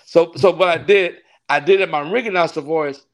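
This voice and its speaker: A man, a pastor, tells a long story in a relaxed interview. His voice sits a little high, and he is animated, often laughing as he acts out the people in his story. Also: moderate pace. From California. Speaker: pastor and wrestling ring announcer.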